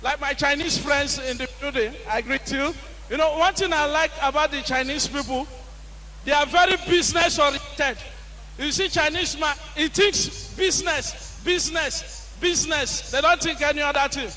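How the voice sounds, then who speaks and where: A young man with a Nigerian accent doing animated stand-up comedy on a live stage, acting out the people in his stories. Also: very high-pitched, moderate pace, poor audio. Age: young adult. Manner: animated storytelling, acts out quoted characters with shouts.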